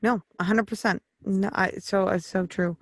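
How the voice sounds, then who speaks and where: A woman's voice: mid-range voice, steady tone, normal speed, dry recording, clean studio sound. A woman hosting a podcast in casual interview chat, frank and rambling, swearing freely as she talks. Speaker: podcast host.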